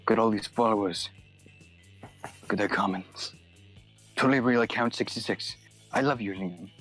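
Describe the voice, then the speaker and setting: A man reading a character's lines in a party game in a slow, dramatic tone. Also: fairly low pitch, vocal fry, a bit bright. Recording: faint game music behind.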